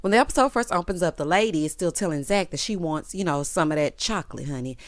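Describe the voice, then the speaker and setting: A woman's voice: on the low side, lively intonation, fast, no room sound. A woman reviewing a TV episode in a casual vlog, sassy and playful, laughing often and acting out the characters' lines. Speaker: TV recap reviewer.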